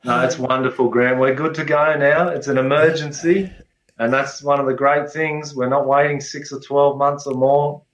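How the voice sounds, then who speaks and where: A man talking as a guest researcher in a relaxed, friendly, plain-spoken way. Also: mid-range voice, normal speed, echoey room, highs cut off. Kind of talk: casual interview chat.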